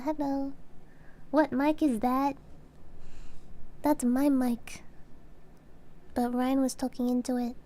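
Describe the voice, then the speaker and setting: A woman's voice: high-pitched, flat delivery, takes it slowly, pauses often, dark tone. A woman hosting a casual game dev livestream, playful and affectionate, teasing her partner and greeting her viewers.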